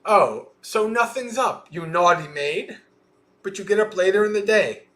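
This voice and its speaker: A man voicing a housewife who loudly scolds her maid in a taunting, shouting way while reading a story aloud. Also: mid-range voice, lively intonation, drawn-out words, pitched above the performer's own voice. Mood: scolding.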